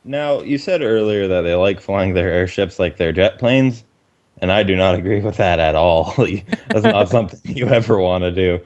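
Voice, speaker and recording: A man's voice: deep voice, lively intonation, normal speed, a little mellow, muffled recording. A man co-casting a game, analytical and laid-back, chuckling as he explains tactics. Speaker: esports co-caster. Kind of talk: live game commentary.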